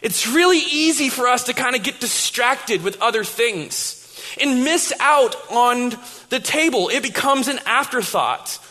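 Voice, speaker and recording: Slightly slow yet animated, a man in his thirties preaches in a very high-pitched, sharp voice. His sermon unfolds as conversational stories with frequent restarts, and a large hall lends a long reverb.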